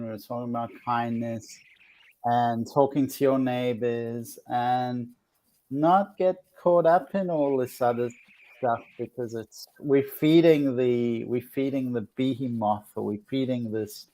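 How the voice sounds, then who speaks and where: A man living in Australia, hosting a relaxed chat as a psychic, earnest and often restarting his phrases. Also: mid-range voice, a little slow. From born outside Australia. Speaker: psychic host. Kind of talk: casual chat.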